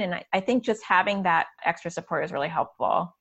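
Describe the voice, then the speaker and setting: A woman's voice: on the low side, quick pace, a bit bright, dull audio. A woman in her thirties hosting a casual podcast conversation, chatty and upbeat, with plenty of fillers and laughter. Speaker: podcast host and community organizer.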